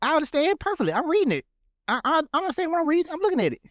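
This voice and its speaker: A man co-hosting a podcast in loose, laughing banter, reading song lyrics aloud flatly. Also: extremely high pitch, rapid-fire, no room sound, clean studio sound. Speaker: podcast co-host. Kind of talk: casual chat.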